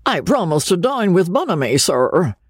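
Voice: mid-range voice, sing-song, normal speed, breathy edge, no echo, studio quality, pitched above the performer's own voice. A reader voicing a stout, flustered young dandy who stammers and blusters. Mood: excuses.

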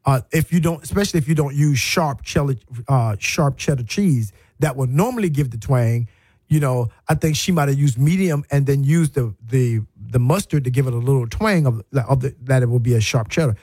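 A middle-aged man, hosting a radio talk show and telling a family story in an animated, emphatic, folksy way. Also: medium pitch, brisk, no echo. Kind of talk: storytelling monologue. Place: radio studio.

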